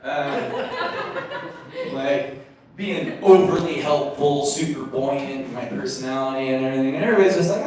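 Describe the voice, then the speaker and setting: A young man telling a self-mocking stand-up story at an open mic, jumping into high put-on voices for the people in it. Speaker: stand-up comedian. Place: small comedy venue. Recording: echoey room mic from a distance.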